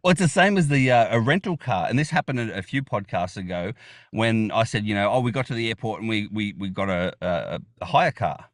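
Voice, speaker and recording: Australian man with a low voice. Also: animated, a little fast, no room sound, studio quality. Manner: rambling, repeats words, laughs often. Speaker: podcast guest. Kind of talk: casual interview chat.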